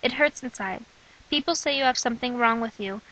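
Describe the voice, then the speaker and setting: A young woman reading her own letters, prayers and poems aloud in an earnest, measured way. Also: on the high side, a bit bright, rough recording. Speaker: person sharing her own testimony.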